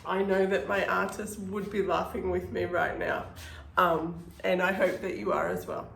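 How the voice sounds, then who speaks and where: A woman's voice: lowish voice, fairly even intonation, moderate pace, creaky, few pauses, a bit bright, slight background noise. A woman teaching an unscripted art class, chatty and encouraging as she talks through each step. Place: art studio. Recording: roomy, from a distance.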